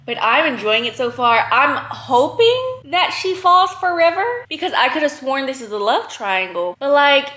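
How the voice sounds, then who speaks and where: A woman chatting casually in a reading vlog, expressive and rambling, recorded on a phone. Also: a little high, dry recording. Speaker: book vlogger.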